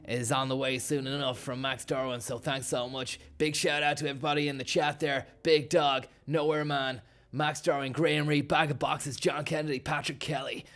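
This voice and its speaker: A man's voice: medium pitch, fairly bright tone. A man hosting a stream, rattling off absurd mock sponsor plugs in a racing commentary style. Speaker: streamer host.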